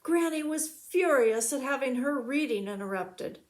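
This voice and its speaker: A woman, a children's librarian, reading a storybook aloud slowly and expressively. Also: high-pitched. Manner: slow and expressive.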